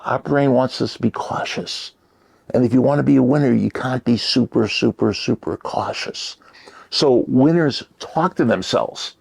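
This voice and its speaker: A man giving a motivational talk, shifting between loud emphasis and near-whispered asides. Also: mid-range voice, creaky, slightly rough. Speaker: motivational speaker.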